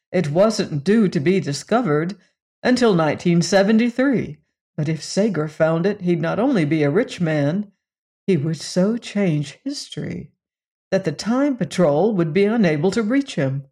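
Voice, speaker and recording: A man reading a science fiction western story aloud in an unhurried, measured way. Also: fairly high pitch, a little mellow. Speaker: audiobook narrator. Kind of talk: scripted narration of a western sci-fi story.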